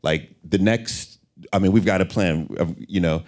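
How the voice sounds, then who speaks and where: A middle-aged man talking candidly as an interview guest, an animated storyteller. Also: sits low, normal speed. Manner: animated storyteller, acts out voices in anecdotes.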